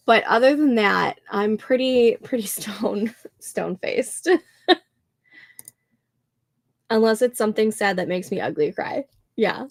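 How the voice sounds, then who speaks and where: A woman's voice: on the high side, a little slow, long pauses. A young woman hosting a writing livestream, chatting casually and laughing often as she reads out comments from viewers. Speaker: livestream host.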